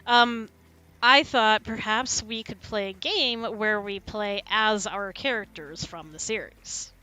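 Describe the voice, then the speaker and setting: A woman's voice: mid-range voice, takes it slowly, bright, forceful tone. A woman hosting a casual livestream chat, giggly and prone to rambling. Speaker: livestream host.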